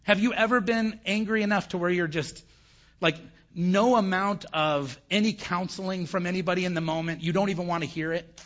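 A man's voice: high voice, fairly quick, a bit bright. A male pastor giving a conversational sermon who keeps asking the audience questions, on a dull recording.

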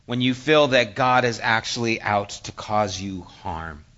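Animated bright-voiced male preacher. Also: on the low side, a little slow, highs cut off. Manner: conversational and animated, swings from hushed to emphatic. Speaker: pastor. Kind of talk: sermon.

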